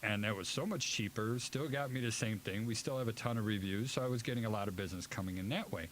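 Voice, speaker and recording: A man's voice: lowish voice, quick pace, slight background noise, low-quality recording. A man co-hosting a casual radio show, teasing the others and speaking emphatically about his business.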